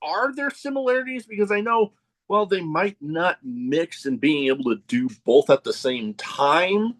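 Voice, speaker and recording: A man's voice: a little high, lively intonation, measured pace. A man hosting a podcast, asking long, rambling questions with many restarts. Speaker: podcast host. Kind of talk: interview questions.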